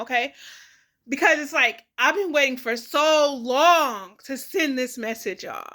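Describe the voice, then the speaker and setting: A middle-aged woman talks straight to her viewers in a casual vlog. Her voice sits a little high and rings bright and forceful. She is blunt and animated and swears freely. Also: normal speed. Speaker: vlogger. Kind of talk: emotional casual monologue to camera.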